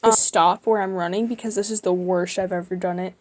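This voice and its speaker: A woman's voice: medium pitch, steady tone, background noise. Teen girl YouTuber, chatty storyteller, mid-range voice, acts out the people in her stories. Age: teens. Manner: quick, rambling with many fillers. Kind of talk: casual storytelling.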